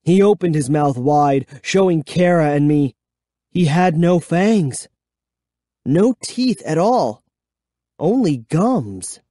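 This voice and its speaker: Man narrating slowly with lively expression. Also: on the high side, no echo, studio quality. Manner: expressive, measured first-person storytelling. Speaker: audiobook reader. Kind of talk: dramatic audiobook narration.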